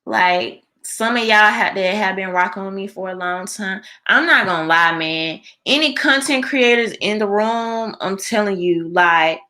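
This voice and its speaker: A woman's voice: mid-range voice, unhurried, hardly any pauses, pushed and bright. A young woman hosting a live stream, chatting casually with viewers and reading their comments aloud, full of fillers.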